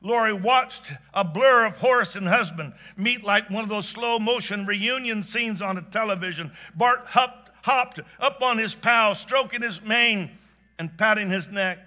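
A man narrating a story with a bright, sharp, fairly high voice. He is animated, dropping to a hush and then surging with excitement. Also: unhurried. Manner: animated, swings between hushed and excited. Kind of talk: expressive spoken storytelling.

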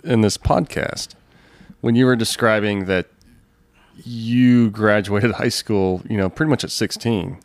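A man on a podcast speaks in a somewhat low voice, frank and easygoing, and is happy to joke about himself. His voice is recorded close and dry, with no echo. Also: fairly even intonation, unhurried. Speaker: podcast co-host. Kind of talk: casual chat.

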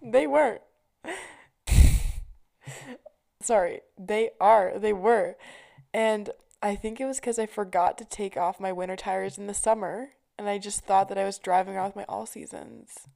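Her mid-range voice is unhurried, creaky and mellow, with long pauses, as this young adult vlogger chats through her stories. She swears freely and uses plenty of fillers, "like" above all.

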